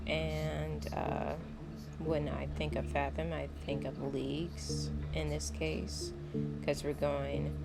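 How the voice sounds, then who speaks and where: Lady talking over her game on a laptop mic, kinda low voice, unsure, game music playing. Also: level tone, slow pace, gravelly. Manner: rambling, hesitant, self-deprecating. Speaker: gameplay narrator. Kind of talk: casual game narration.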